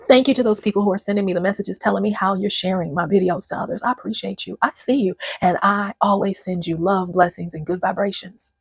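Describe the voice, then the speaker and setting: Emotional woman in her fifties, husky. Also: mid-range voice, dry recording. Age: 50s. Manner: earnest and emotional, breaking into tears. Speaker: channel host. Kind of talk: personal motivational talk to camera.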